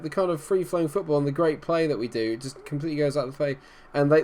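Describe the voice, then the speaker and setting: The speaker is a young man who commentates on gaming, here narrating his football management session. He's laid-back and annoyed, grumbling under his breath until a goal for his team makes him yell.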